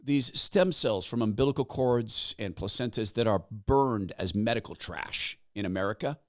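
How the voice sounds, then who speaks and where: A man's voice: lowish voice, moderate pace. A middle-aged man hosting a podcast, telling a story in a casual monologue and acting out the people he quotes. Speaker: podcast host.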